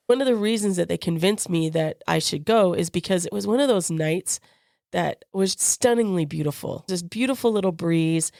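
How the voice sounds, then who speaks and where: Low-voiced woman telling a story. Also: moderate pace, vocal fry, dry recording, studio quality. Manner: lively storyteller who acts out the quoted voices of others. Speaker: podcast co-host. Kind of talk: personal storytelling in casual chat.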